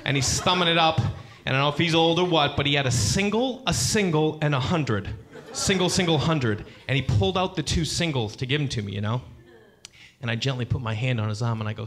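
Bright-voiced male stand-up comic. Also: brisk. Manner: animated, acts out characters with big jumps in pitch. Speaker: stand-up comedian. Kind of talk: stand-up storytelling.

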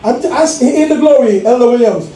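Pastor, high-pitched and mellow, heard from afar in an echoey sanctuary, exuberant call-and-response preaching. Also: male voice, expressive, a little fast. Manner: exuberant, calls for responses, laughs. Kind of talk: Pentecostal sermon. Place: church sanctuary. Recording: echoey church room from far off, faint noise.

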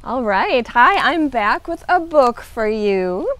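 A woman librarian doing a children's storytime reading, animated and expressive. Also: a little high, slow pace. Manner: animated, expressive read-aloud.

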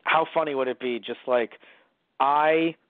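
A man co-hosting a casual movie review podcast, talking in an animated, rambling, profane way. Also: medium pitch, unhurried, dry recording. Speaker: podcast co-host. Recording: dry, phone-like line.

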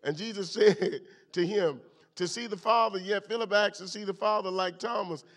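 A high-pitched man preaching at a midweek Bible study. He talks in an animated way, leaping from loud hallelujahs to quiet, low asides. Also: normal speed. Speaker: pastor.

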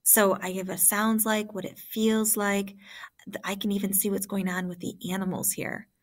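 A woman's voice: medium pitch, flat delivery, normal speed. A woman teacher giving an online classroom lesson and walking students through examples step by step.

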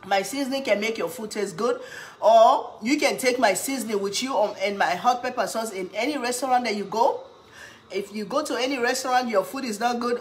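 A woman chatting casually in an eating vlog, humming with pleasure between bites and cheering when something catches her eye, then giving a playful pitch for her own products. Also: slight background noise. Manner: chatty, talks while eating, hums with pleasure, bursts into cheers. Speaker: cooking vlogger.

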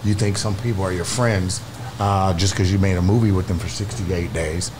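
A man's voice: deep voice, fairly even intonation, normal speed. A man speaking in a casual interview and giving earnest advice about relationships. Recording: noisy background hiss.

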